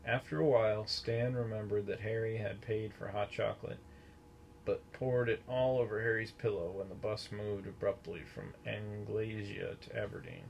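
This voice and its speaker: A man narrating a storybook in a steady, measured reading voice. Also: lowish voice, creaky, slight background noise. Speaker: audiobook narrator.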